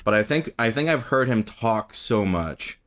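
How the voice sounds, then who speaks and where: A man's voice: fairly low pitch, lively intonation, measured pace, a bit bright. A man hosting a casual podcast chat, modest and hesitant, with lots of fillers. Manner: modest, self-doubting, hesitant with many fillers. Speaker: podcast host.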